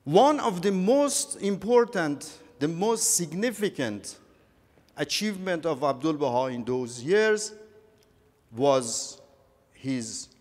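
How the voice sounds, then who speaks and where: A man giving a conference talk, halting and earnest, often repeating words as he goes. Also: on the high side, lively intonation, a little mellow. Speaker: conference speaker. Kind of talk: lecture on religious history. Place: large conference hall. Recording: echoey conference hall.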